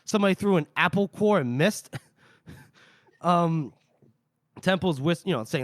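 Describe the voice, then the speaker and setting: Guy on a podcast mic going through a book chapter, slightly high voice, swears a lot, very dry sound. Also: fairly quick, dry recording. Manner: animated retelling with voices for characters, profane. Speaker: podcast co-host. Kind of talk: casual book-discussion podcast, retelling chapters.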